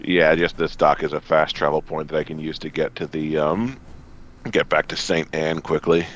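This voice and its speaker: A man's voice: extremely low pitch, steady tone, normal speed, a bit bright. A man playing an online game with friends, exasperated and swearing freely as he talks. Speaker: gamer in a co-op group. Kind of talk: casual gaming voice chat.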